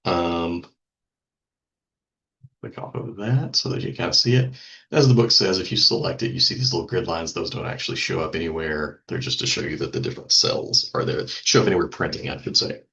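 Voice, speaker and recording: A man with a very low voice talks through a software tutorial step by step, relaxed and thinking aloud, with ums and small slips he corrects as he goes. The audio is a bit dull and lo-fi, like a simple computer mic. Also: a little fast, vocal fry. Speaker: instructor. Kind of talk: screen-recorded software tutorial.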